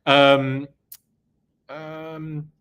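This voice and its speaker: Male host, excitable live-stream presenter, chatty with lots of fillers. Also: on the high side, very slow, smooth. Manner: excited, gushing; chatty, many fillers and restarts. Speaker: podcast host. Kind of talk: live-stream show-and-tell, reading viewer comments.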